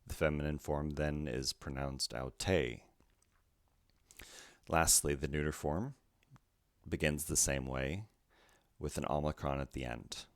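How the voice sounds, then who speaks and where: Male tutor, extremely low voice, unhurried and methodical, dry close recording. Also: steady tone, no echo. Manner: careful, methodical, spells out each letter. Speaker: Greek language teacher. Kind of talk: slow letter-by-letter pronunciation lesson.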